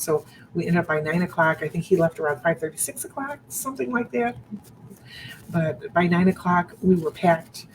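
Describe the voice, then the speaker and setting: A woman's voice: lowish voice, moderate pace, mellow, a little hiss or hum, poor audio. A woman candidly telling her personal story on a broadcast, earnest and direct, often restarting her sentences. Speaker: survivor sharing her story.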